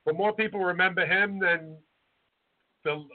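A man chats through a casual podcast, rambling into stories and trailing off mid-sentence. His voice sits a little high. The sound is tinny and narrow, like a phone line. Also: unhurried. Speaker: podcast co-host and chef.

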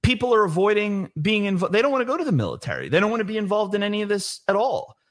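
A man talking in a casual podcast discussion. He rambles in an animated way, with big swings in pitch. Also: racing. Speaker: podcast speaker.

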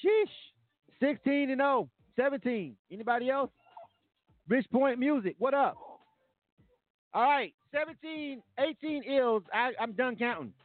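High-voiced man hosting over a tinny line. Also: lively intonation, a little slow, no room sound. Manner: loose and rambling, with many fillers. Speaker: radio show host. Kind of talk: live music review show, casual talk. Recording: tinny phone-like sound.

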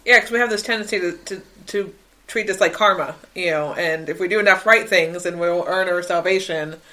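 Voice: mid-range voice, fairly quick, bright, forceful tone, rough recording. A podcast co-host in a casual theology talk, speaking conversationally with many fillers.

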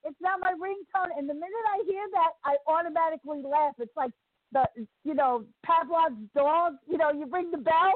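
A woman's voice: extremely high pitch, moderate pace, no echo. New York woman, chatty, on a phone line. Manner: chatty, rambling, laughs easily. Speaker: guest, singer. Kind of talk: casual interview. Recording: tinny phone-like line, dry.

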